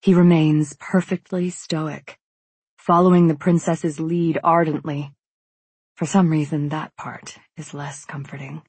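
A woman narrating a first-person fantasy novel in a calm, reflective way. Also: deep voice, a little slow, husky, no echo. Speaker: audiobook narrator.

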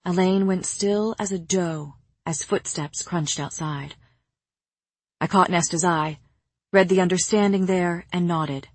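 A woman narrating an audiobook in a measured, even storytelling manner. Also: lowish voice, slightly rough, no room sound.

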